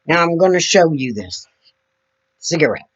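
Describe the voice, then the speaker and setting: A woman talking slowly and earnestly to her camera, demonstrating as she explains, sitting several feet back from her computer mic. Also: deep voice, expressive, husky, muffled recording. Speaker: vlogger. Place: indoor room at a computer. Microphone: computer mic several feet away.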